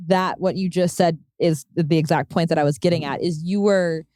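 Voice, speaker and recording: A woman with a low, mellow voice hosts a casual podcast interview. She asks curious questions and rephrases herself as she goes. The sound is dry and close. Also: steady tone, normal speed, no room sound. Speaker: podcast host.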